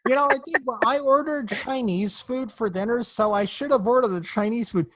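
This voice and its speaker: A man hosting a podcast in relaxed, chatty conversation. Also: very high voice, brisk. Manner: relaxed, chatty, laughs easily. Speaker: podcast host. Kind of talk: casual chat.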